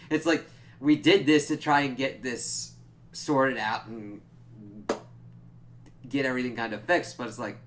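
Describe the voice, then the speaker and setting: A young man with a bright, forceful voice talks through a TV episode in a loose, rambling way, swearing freely and acting out bits of dialogue. A faint hum sits under the recording. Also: medium pitch, moderate pace. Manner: rambling and profane, acts out quoted lines. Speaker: TV episode reviewer. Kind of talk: casual spoken review.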